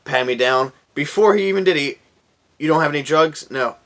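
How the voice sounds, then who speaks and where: A man's voice: a little high, fairly quick, a bit bright. Casual cursing man telling a story. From Florida. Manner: profane, laid-back, quoting himself in a raised voice. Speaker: vlogger.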